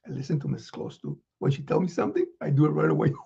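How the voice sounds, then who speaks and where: A man playing Santa Claus, reading children's letters with a folksy chuckle and many pauses. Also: fairly high pitch, vocal fry, dull audio. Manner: chuckling, folksy, halting with fillers.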